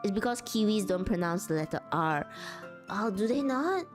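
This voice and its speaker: A woman's voice: medium pitch, animated, normal speed, music in the background. A woman chatting casually on a live stream, rambling and laughing often.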